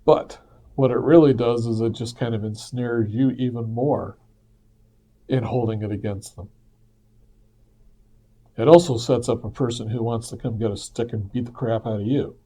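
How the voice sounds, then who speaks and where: A man speaks in an earnest, easygoing monologue, his voice dark and mellow. He talks at a middling pitch and a plain, conversational pace, like someone thinking out loud. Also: fairly even intonation, moderate pace, pauses often. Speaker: speaker sharing personal reflections. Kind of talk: casual reflective monologue.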